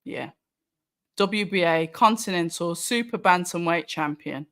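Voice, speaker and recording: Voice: mid-range voice, measured pace, a bit bright, dry recording, clean studio sound. A host from Birmingham with a Brummie accent, chatting casually on a livestream and answering viewer comments with frequent restarts. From Birmingham, England. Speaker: livestream watch-along host. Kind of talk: casual live chat commentary.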